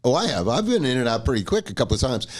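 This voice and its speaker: A man's voice: mid-range voice, sing-song, very fast. A man co-hosting a podcast, telling a long story in a casual, profane way and laughing as he goes. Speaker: podcast co-host.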